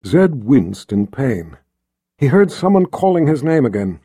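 A man's voice: medium pitch, very animated, unhurried, mellow, slightly rough, dry recording, studio quality. A man reading a fantasy novel aloud as an audiobook narrator, telling the story expressively and voicing every character. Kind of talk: scripted narration.

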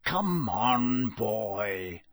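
A man voicing a gruff, blunt old male wizard in an audiobook reading, growling his lines in a husky voice. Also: fairly low pitch, sing-song, very slow, no room sound, studio quality, exaggerated voice.

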